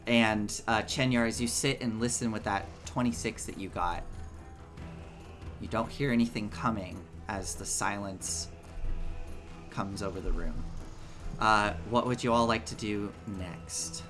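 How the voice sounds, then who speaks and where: A man narrating a tabletop game as game master in a relaxed way, with frequent fillers. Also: on the low side, a little slow, over music.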